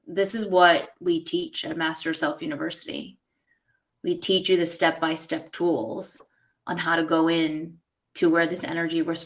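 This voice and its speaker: A woman's voice: low-pitched, a bit bright. Earnest New woman hosting a podcast. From New York. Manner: earnest and reflective, with many "like"s and "you know"s. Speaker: podcast host. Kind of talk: casual podcast conversation.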